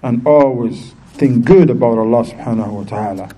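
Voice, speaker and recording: Animated man telling a moral story. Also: normal speed, slightly rough, poor audio. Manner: animated storyteller, acts out quoted voices in a raised pitch. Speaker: Islamic teacher. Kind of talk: storytelling lesson.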